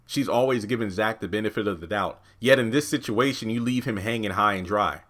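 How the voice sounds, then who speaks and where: A man's voice: a little fast, fairly bright tone. A man giving a casual review of a TV episode, exasperated, ranting and swearing freely. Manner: jumps into quoted lines with raised pitch. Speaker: TV show reviewer.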